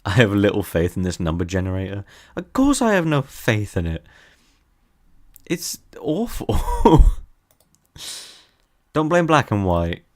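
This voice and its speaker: A man's voice: lowish voice, very animated, a little fast, few pauses. A young man streaming from his desk, teasing his chat in a playful, casual way.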